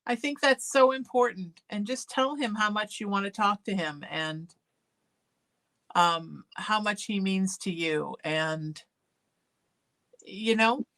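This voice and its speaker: A woman's voice: medium pitch, animated, slow pace. A woman hosting a psychic call-in show, soothing callers and calling them sweetie. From Irish heritage. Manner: warm, soothing, calls people sweetie. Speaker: psychic medium show host. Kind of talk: call-in spiritual talk show.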